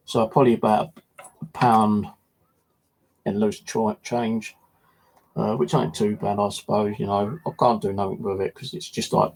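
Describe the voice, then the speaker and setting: A man's voice: lowish voice, gravelly, noisy background. A man with a casual, rambling way of talking, telling his viewers about his day detecting. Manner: rambling, conversational, with fillers and slang. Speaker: metal detecting vlogger. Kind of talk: casual storytelling to camera.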